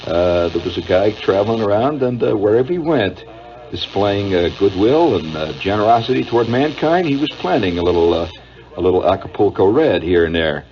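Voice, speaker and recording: A man's voice: fairly low pitch, very animated, brisk. A middle-aged man with a Midwestern American accent, a radio host telling a wry, digressive monologue full of uhs. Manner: wry, digressive, chuckling storyteller with many uhs. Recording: dull lo-fi old radio broadcast with faint hiss.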